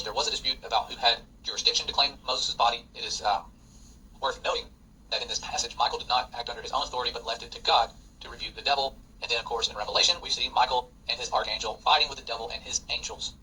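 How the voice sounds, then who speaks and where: Man, fast talker, very bright voice, earnest warning tone, faint noise behind. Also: mid-range voice, steady tone, rough recording. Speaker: host and father. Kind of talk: reading aloud and commenting.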